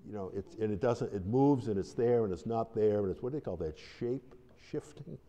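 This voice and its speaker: A man's voice: lowish voice, fast, warm tone, lo-fi sound, slight background noise. A man who is a deliverance minister, giving an informal, conversational teaching talk with restarts and stories. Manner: conversational, rambling, with restarts and acted-out quotes. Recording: long hall reverb.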